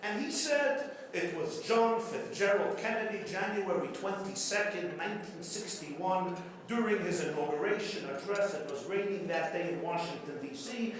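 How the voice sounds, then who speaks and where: A man's voice: high-pitched, normal speed. A man, a rabbi, giving an after-dinner keynote speech, telling jokes and repeating phrases for dramatic effect. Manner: storytelling with jokes and dramatic repetition. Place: large banquet hall. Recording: very echoey hall with faint room noise.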